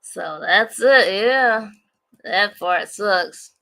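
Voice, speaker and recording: A woman's voice: medium pitch, extremely slow, bright, forceful tone. A woman hosting a casual livestream, rambling and repeating herself as she talks to viewers. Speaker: livestream host.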